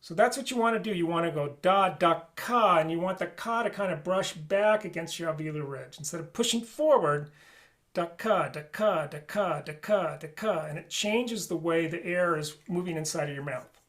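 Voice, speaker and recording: Guy with a high voice running an online flute class, talks it through then sings the rhythm syllables. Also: brisk, fairly bright tone. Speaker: flute teacher. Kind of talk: online music lesson.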